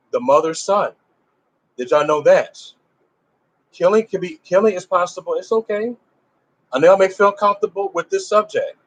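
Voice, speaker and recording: The audio is poor, and the man's voice runs a little high. He gives a casual but emphatic religious lesson, questioning his listeners rhetorically, with loose conversational phrasing and restarts.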